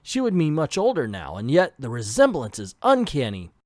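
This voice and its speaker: A man's voice: medium pitch, huge pitch swings, normal speed, darkish tone, no room sound, clean studio sound. A man reading the earnest, brooding inner thoughts of a young male war hero from an old comic.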